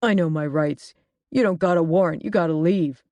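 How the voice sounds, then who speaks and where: A narrator voicing a loud, foul-mouthed bald thug, defiant and swearing, in a dry recording. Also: mid-range voice, moderate pace, dry recording, lightly acted.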